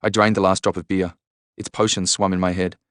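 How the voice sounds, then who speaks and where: A man narrating a first-person audiobook in a measured, even storytelling manner. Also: low voice, clear, resonant tone, dry recording, clean studio sound.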